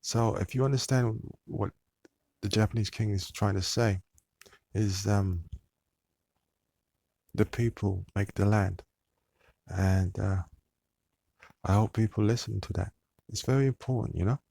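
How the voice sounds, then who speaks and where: A man speaks in a low, unhurried drawl with a rough, gravelly edge. He rambles on to his viewers, hesitating and restarting often. The sound is dry and close, with no room around it. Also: warm tone, no room sound. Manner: hesitant, meandering, many fillers and restarts. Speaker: channel host.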